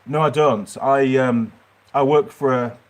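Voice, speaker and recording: A man's voice: mid-range voice, fairly even intonation, unhurried. Middle-aged Yorkshire man, mid-range voice, rambling livestream host answering viewers from his workshop. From Yorkshire, England. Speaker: mechanic channel host. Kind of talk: livestream Q&A chat.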